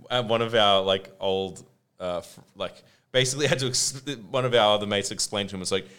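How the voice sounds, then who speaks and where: A man's voice: on the low side, fairly quick, a bit bright, smooth. A man in casual chat, telling loose rambling anecdotes and swearing.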